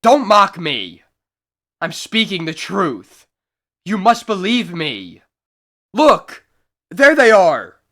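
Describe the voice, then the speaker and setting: A man's voice: high voice, big pitch swings, slow pace, pauses often, voice pushed up, exaggerated voice. A man voicing a frantic, terrified man who believes story characters are hunting him. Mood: desperate. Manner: frantic, shouting in terror.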